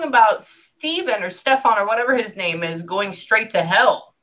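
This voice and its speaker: Bright-voiced woman relaying messages as a medium. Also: mid-range voice, animated, fairly quick, hardly any pauses. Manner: breaks off often to listen, then relays quotes. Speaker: psychic medium. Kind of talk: reading session, relaying messages.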